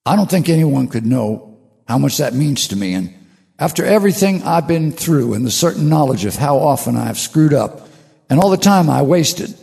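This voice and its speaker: An older man hosting his own show, talking slowly through a reflective spiritual monologue with halting restarts. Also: fairly high pitch, animated, vocal fry, mellow, long reverb tail. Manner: slow, musing, with halting restarts. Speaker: radio show host.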